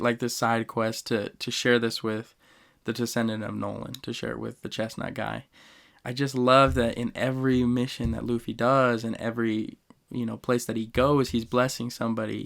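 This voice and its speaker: A young man hosting a podcast, casually ranking anime moments with animated, emotional storytelling and slang. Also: medium pitch, gravelly. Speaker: podcast host.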